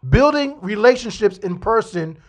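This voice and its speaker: Insistent guy co-hosting a church podcast, voice sits a bit high, pushes his point hard. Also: expressive, normal speed. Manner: emphatic, insistent. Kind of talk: casual debate.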